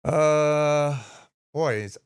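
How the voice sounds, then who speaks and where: A man's voice: on the high side, drawn-out words, clear, resonant tone. A man hosting a live stream, casually reading a news story aloud, rambling and stumbling over names, sometimes swearing. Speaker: streamer host.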